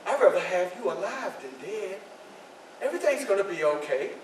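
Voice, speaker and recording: A man voicing a gentle, steady wife who pleads softly and quietly. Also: high-pitched, normal speed. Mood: soft pleading. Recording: echoey hall from far off, faint hiss.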